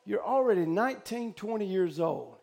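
A man voicing a sly male devil who coaxes in a quiet, low murmur. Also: sing-song, normal speed, vocal fry, heavily acted. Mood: coaxing.

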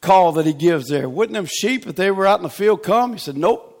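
High-voiced fervent preacher man. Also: expressive, brisk. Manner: swings from shouted exhortation to hushed, near-whispered tenderness. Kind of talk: revival sermon.

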